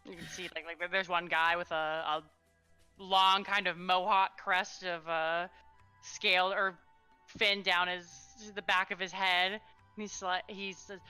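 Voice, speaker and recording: A young woman game master describes the scene haltingly, stopping often on fillers and restarts. Her voice is bright and smooth, and music plays softly behind her. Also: lowish voice, little pitch movement. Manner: halting, hesitant, many fillers. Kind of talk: narrating a tabletop game.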